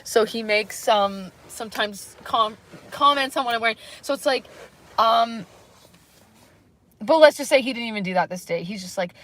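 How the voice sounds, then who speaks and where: A young woman talking candidly on a livestream about her anxiety, halting and rambling with many fillers. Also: on the high side, fairly bright tone. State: anxious. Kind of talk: candid solo livestream chat.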